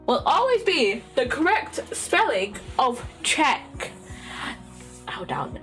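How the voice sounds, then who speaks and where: A young woman streams a word game from home, talking unhurriedly and swearing as she mutters through her guesses. Her voice sits fairly high and swings widely in pitch. Soft lo-fi music plays faintly underneath. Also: sing-song, slow pace. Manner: swears constantly, thinks aloud while guessing words. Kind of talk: casual game commentary.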